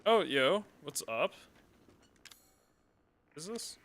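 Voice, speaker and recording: A man's voice: on the high side, animated, drawn-out words, a bit bright. A man streaming a horror game, giving casual commentary full of swearing and sarcastic reactions.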